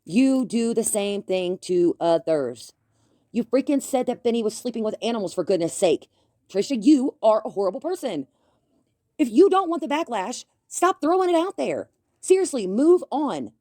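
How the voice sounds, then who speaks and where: A woman rants at someone, scolding and confrontational, with a slight lisp from a bitten tongue. Her voice is mellow and dark, and the recording is close and dry with no room sound. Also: a little high, big pitch swings, moderate pace, no echo. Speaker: commentary YouTuber. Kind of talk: ranting commentary.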